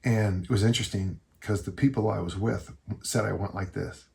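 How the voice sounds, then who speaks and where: Older male podcast host, low gravelly voice, casual folksy coach who rambles warmly. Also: steady tone, normal speed. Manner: rambling, folksy storytelling with restarts. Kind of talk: casual listener Q&A chat.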